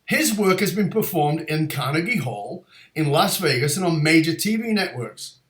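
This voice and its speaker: A man in his fifties hosting an interview show, a lively storyteller who laughs often. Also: fairly high pitch, normal speed. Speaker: podcast host. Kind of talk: casual interview chat. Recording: roomy echo.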